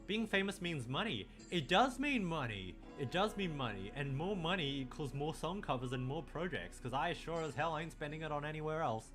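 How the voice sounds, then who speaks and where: Young Australian guy, slightly higher voice, Australian accent, rambling late-night stream chat, faint music behind. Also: a bit bright. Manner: rambling, drifts into tangents, swears casually.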